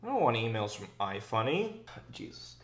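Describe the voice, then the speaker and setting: A man hosting a comedic commentary video, sarcastic, animated and self-aware. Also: mid-range voice, normal speed, reverberant, loud music behind the voice. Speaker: video essayist.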